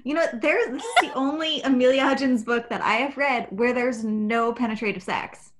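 A woman's voice: on the high side, moderate pace. A woman co-hosting a casual book chat, earnest and emotional. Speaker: book club podcast co-host.

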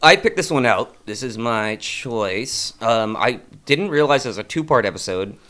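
A man's voice: mid-range voice, lively intonation, normal speed, pushed and bright. A young man co-hosting a podcast in casual chat, talking in a laid-back way with lots of fillers. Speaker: podcast co-host.

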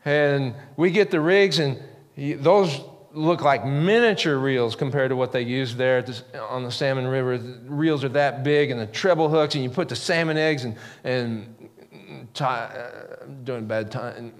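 A middle-aged man preaching a sermon, telling stories in an animated way and acting out loud quoted yells. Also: normal speed, long reverb tail. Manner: animated, acts out quotes with sudden high yells. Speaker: pastor. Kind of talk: sermon storytelling.

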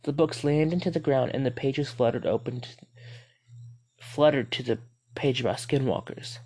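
Male horror-story narrator, steady delivery, occasional slips. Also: mid-range voice, normal speed. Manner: steady, with small stumbles and self-corrections.

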